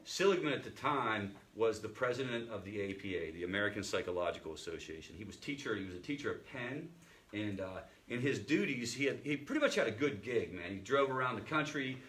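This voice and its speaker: A man's voice: fairly low pitch, sing-song, brisk, a bit bright, a little hiss or hum. Man leading a family recovery group. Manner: conversational storyteller, asks the group questions, frequent restarts. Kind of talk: informal teaching talk to a support group.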